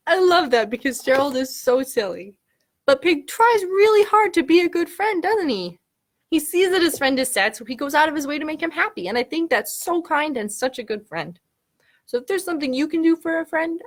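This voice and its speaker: A woman, a children's librarian, reading a picture book aloud at story time, animated and gasping as she asks the children questions. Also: high voice.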